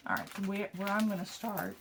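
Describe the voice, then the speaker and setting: A woman's voice: medium pitch, fairly even intonation, normal speed, background noise. A woman chatting folksily through a craft tutorial, calling her viewers y'all, a bit tired from a long week. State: tired, yawning. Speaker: craft vlogger. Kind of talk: casual craft tutorial chat. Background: crinkling plastic and clicks.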